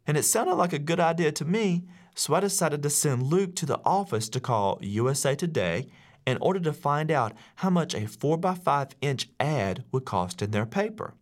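A man who teaches, telling a story to an audience in an animated way and acting out the voices of the people in it. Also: on the high side, normal speed. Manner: animated, acts out quoted voices. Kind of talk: storytelling speech.

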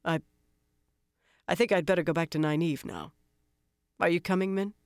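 A reader voicing a weary, brooding young man who speaks flatly and gruffly, with a resigned tone, in an audiobook. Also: medium pitch, moderate pace, dry recording, clean studio sound, lightly acted. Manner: flat, growling, resigned.

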